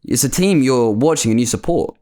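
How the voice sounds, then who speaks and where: A man's voice: mid-range voice, expressive, brisk, dark tone. A man co-hosting a casual podcast. He chats in a laid-back way, sprinkling his talk with "like" and "mate". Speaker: podcast co-host. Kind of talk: casual chat.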